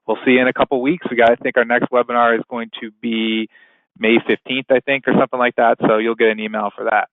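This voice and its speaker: A man hosting a webinar in a casual, rambling way, filling pauses with "you know". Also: medium pitch, level tone, no echo. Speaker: webinar host. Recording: tinny phone-line sound, dry.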